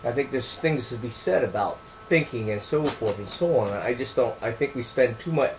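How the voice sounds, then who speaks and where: A man's voice: mid-range voice, expressive, normal speed, a little hiss or hum, low-quality recording. Rambling man talking about his book. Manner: rambling, repeats words for emphasis. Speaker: author explaining his book. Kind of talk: casual monologue to camera.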